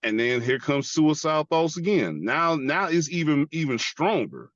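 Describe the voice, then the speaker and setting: A man's voice: a little high, very animated, normal speed, fairly bright tone, no room sound, muffled recording. An American man, an army veteran, giving an earnest personal testimony as an interview guest and repeating phrases for emphasis. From United States.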